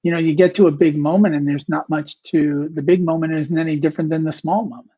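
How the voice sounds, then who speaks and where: A man's voice: a little high, steady tone, fast, dark tone, slightly rough, no echo. A man, a comic artist guest, talks casually in an interview and rambles with fillers and restarts. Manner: rambling, many fillers and restarts, quotes mentors. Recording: dull, slightly lo-fi dry sound.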